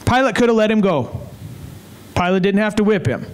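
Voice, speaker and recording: High-voiced fervent male evangelist. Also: animated, a little hiss or hum, rough recording. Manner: fervent, repeats phrases for emphasis, slows down to drive points home. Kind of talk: revival sermon. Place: evening service in a tent.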